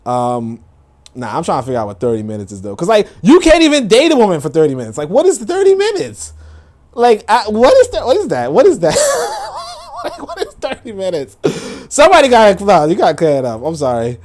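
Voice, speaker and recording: A man's voice: high-pitched, huge pitch swings, quick pace, darkish tone. A young man hosting a podcast, casually reacting to social media posts, incredulous, laughing and profane, repeating his questions. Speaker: podcast host.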